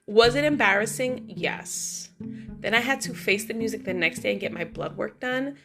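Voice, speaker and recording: A woman vlogging, telling everyday stories in an animated, chatty way full of fillers. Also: mid-range voice, moderate pace, vocal fry, over music. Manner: animated, chatty, many fillers like "like" and "you know". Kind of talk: casual storytelling monologue.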